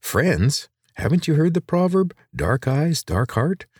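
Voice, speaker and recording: A man voicing a sharp-tongued teenage girl inventor in a read-aloud story, blunt and sarcastic. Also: fairly high pitch, big pitch swings, a little slow, husky, no echo, clean studio sound, pitched above the performer's own voice, heavily acted. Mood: guarded, bitter.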